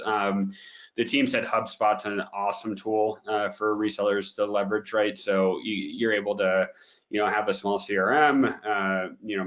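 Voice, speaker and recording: A male interview guest with a fairly low voice who speaks in an easygoing, loose way. He pads his sentences with fillers and laughs easily as he talks about his work. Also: a bit bright. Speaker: business development director, guest. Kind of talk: casual interview chat.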